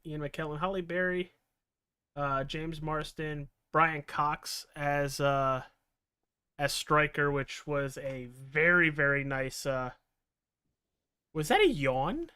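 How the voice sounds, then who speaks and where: A man's voice: a little high, sharp tone, clean tone, dry recording, studio quality. A man hosting a casual podcast, joking around, with loose fillers and the odd swear. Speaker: podcast host. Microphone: podcast mic over video call.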